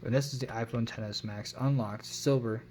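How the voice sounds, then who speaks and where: A man's voice: medium pitch, fairly even intonation, fairly quick, darkish tone, slight background noise. Casting: a male tech vlogger with a mid-range voice, loose and rambling, second-guessing his figures. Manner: rambling, self-correcting, unsure of his numbers. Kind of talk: casual phone review.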